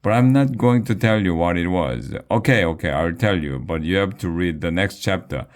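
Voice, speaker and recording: A man reading a children's book aloud with a slow, deliberate delivery. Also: low voice, lively intonation. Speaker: reader.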